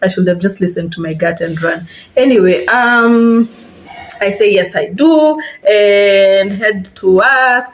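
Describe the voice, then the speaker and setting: Young woman, Kenyan accent, casual storytime chat, lively retelling, phone camera. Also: medium pitch, unhurried, echoey room. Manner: chatty, animated, acts out quoted lines with laughter. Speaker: vlogger. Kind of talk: casual storytime while doing her hair.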